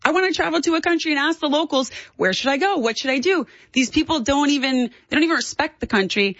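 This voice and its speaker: A woman speaking as a guest on a talk radio interview, emphatic and quick. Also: high voice, animated, a bit bright, dry recording, highs cut off.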